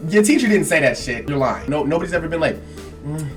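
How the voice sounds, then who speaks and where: A man's voice: a little high, expressive, quick pace, recorded from a distance, faint music behind. A young man telling a comedic story from his life as a vlogger, acting out the people he quotes.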